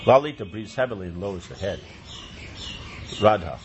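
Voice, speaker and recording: A man reading a devotional play aloud, voicing every part himself, with halting restarts and exclamations that rise in pitch. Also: expressive, background noise. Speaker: reader of a devotional drama.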